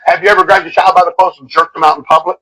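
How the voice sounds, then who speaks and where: A middle-aged man preaching a sermon in an impassioned way, swinging from shouts to hushed lines. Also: sits high, flat delivery, very fast, low-quality recording. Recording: old cassette tape of a live sermon.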